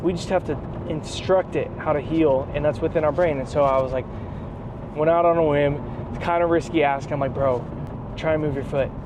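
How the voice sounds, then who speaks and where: A man vlogging in a casual, animated storytelling way, full of slang like bro and dude. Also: fairly high pitch, fairly quick, background noise. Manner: excited, animated retelling. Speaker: vlogger, athlete.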